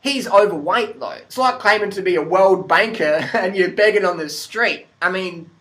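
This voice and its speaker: A man's voice: high voice, moderate pace, a bit bright, rough recording. An Australian man from Adelaide giving a blunt, sarcastic, swearing vlog rant, laughing often. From Adelaide, South Australia. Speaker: vlogger. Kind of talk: profane rant-style commentary.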